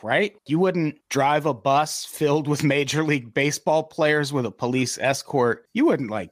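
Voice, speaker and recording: Animated, profane male podcast host. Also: dry recording, clean studio sound. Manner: animated, profane storytelling with big pitch swings. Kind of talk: comedy podcast storytelling.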